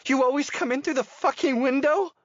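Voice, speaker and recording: A man's voice: extremely high pitch, a little fast, no echo, lo-fi sound, voice pushed up. A man voicing a fiery young woman who snarls defiantly. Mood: snarling.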